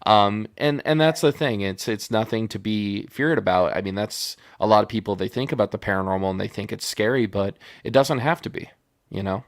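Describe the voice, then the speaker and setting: A man's voice: on the low side, a little fast, dry recording. A man hosting a casual podcast who talks with a caller in a reassuring way, filling his speech with verbal fillers. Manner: reassuring, leans heavily on "you know" fillers. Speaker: podcast host.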